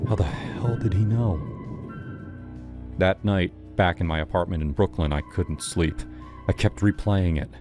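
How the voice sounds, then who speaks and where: Very deep-voiced man narrating horror. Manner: measured, dramatic storytelling. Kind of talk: first-person horror story narration. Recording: music playing behind.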